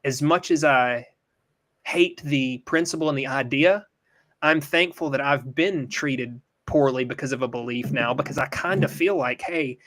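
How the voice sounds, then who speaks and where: A man's voice: mid-range voice, normal speed, fairly bright tone. A middle-aged man hosting a call-in livestream, talking earnestly and emphatically and cursing when he gets worked up. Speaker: livestream host. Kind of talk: casual call-in livestream chat.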